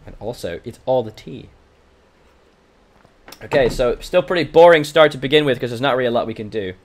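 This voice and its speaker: A man's voice: medium pitch, fairly quick. A man with a mixed British and American accent, hosting a let's-play recorded from a livestream. He reads in-game event text aloud and chats casually with his viewers. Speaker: gaming channel host.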